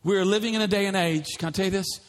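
A man's voice: sits high, fast talker. A male pastor preaching a sermon in a church, emphatic, with many repeated rhetorical questions.

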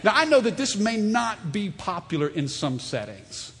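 A man in his thirties preaches in a church, his fairly high voice ringing out. He tells stories with animation and keeps calling on the congregation to answer back. A long reverb trails behind him in the sanctuary. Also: normal speed. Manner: animated, storytelling, calls for audience response. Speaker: pastor. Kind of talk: sermon.

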